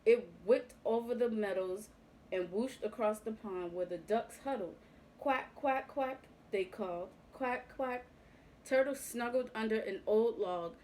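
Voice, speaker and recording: A woman reading a picture book aloud to young children, with a gentle, expressive storytelling manner. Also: mid-range voice, normal speed, a little hiss or hum, poor audio.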